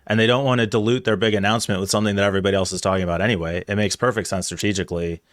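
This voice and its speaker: A man's voice: lowish voice, steady tone, rapid-fire, no room sound. A man co-hosting a casual tech podcast, walking through news stories with dry, teasing banter. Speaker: podcast co-host. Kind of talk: casual chat.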